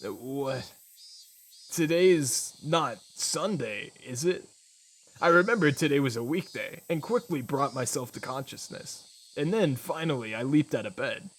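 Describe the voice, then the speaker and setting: A man reading a visual novel aloud to friends, laughing and swearing between lines. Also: mid-range voice. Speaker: reader voicing a visual novel.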